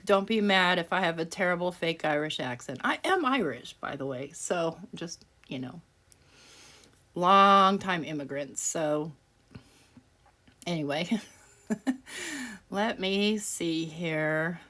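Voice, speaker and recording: A woman's voice: on the low side, animated, slow pace, pushed and bright. A woman hosting a craft tutorial, chatting casually and self-deprecatingly while she works, laughing often. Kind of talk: casual craft demonstration voice-over.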